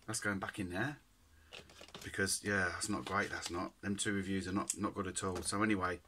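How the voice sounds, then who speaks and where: A man's voice: sits low, little pitch movement, brisk, noisy background. A man, chatting casually to camera as a food reviewer, giggly and rambling with lots of "anyway". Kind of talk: casual chat.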